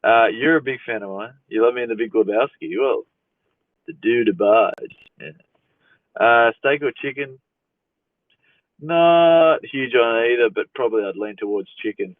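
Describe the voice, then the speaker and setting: A man's voice: medium pitch, moderate pace, no echo. Easygoing man on a tinny phone stream. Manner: easygoing, amused, chuckles often, reads viewer questions aloud. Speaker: livestream host answering chat. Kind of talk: casual live Q&A chat. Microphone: phone livestream. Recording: dry, tinny phone-like sound.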